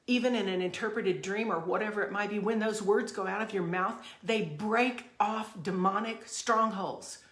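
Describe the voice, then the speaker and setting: A woman hosting her own podcast, delivering a fervent, emphatic motivational rant full of repeated phrases. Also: mid-range voice. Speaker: podcast host. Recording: echoey room.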